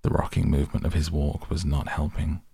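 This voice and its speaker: A man reading an audiobook in a measured, steady way. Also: extremely low pitch, gravelly, breathy edge, dry recording, clean studio sound. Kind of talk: audiobook narration.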